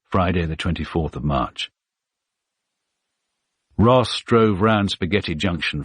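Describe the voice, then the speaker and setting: A man narrating a thriller audiobook in a steady, measured way. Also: deep voice, breathy edge, dry recording. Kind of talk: scripted narration.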